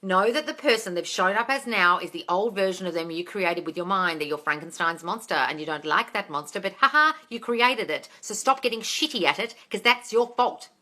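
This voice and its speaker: Bright-toned, frank woman hosting a live chat. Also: mid-range voice, expressive, fairly quick, few pauses. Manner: frank and swearing, reads out comments, calls listeners darling. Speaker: host of a manifesting Q&A live stream. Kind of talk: casual live-stream chat answering viewer comments.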